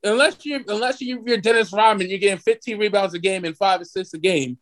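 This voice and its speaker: Excitable high-voiced young man ranting. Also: fairly quick. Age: 20s. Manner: excitable, ranting, swears freely. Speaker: podcast host. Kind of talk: casual sports chat.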